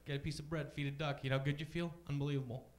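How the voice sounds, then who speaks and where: This deadpan comedian talks rapid-fire through a chatty club set, regularly switching to high-pitched voices whenever he imitates others.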